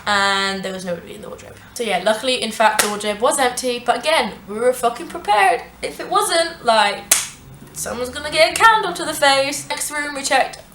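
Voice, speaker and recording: A woman's voice: sits high, a little fast. A young woman with a raised voice tells a dramatic story for her vlog, swearing freely and stringing it together with "like". Her voice rings back off the walls of an echoey room, and faint noise sits underneath. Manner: animated, sweary, lots of "like" fillers. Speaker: vlogger. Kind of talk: casual storytime narration.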